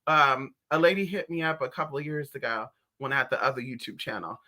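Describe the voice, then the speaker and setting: A woman reader chatting casually to her viewers from home in a sassy, slangy, animated way. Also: extremely low pitch, fast. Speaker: spiritual reader and streamer. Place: at home indoors.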